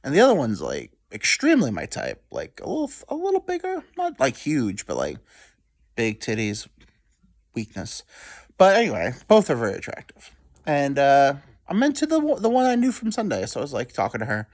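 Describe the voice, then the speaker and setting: Young man, casual storytelling host, rambling, self-deprecating, lively swinging pitch. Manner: rambling, self-deprecating, quotes people in quick asides. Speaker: podcast host.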